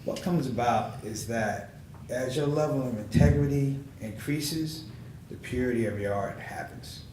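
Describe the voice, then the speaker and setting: A man's voice: medium pitch, a little slow. A comedian in his forties tells stories on a panel, slipping into the voices of the people he quotes. His voice sounds a bit far from the mic, in a roomy, echoing hall. Background noise runs under it. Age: 40s. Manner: animated storyteller who acts out quoted voices with laughter. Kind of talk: storytelling panel talk.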